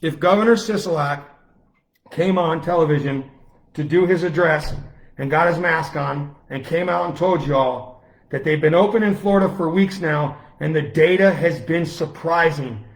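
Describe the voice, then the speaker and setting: A man's voice: on the high side, normal speed. A man delivering an impassioned live-stream rant, with fiery, repetitive, emphatic outbursts. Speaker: political commentator on a live stream. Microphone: phone or webcam, self-recorded.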